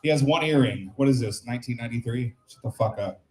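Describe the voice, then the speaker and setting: A man's voice: mid-range voice, fast, roomy sound, poor audio. A man in his late thirties hosting an open mic in a small bar, trading profane, teasing banter with the crowd. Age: 30s. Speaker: comedy show host. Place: small comedy bar stage.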